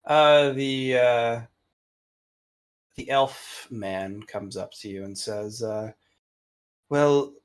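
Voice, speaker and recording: A game master narrating a tabletop role-playing game, slow and halting with many fillers. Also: mid-range voice, little pitch movement.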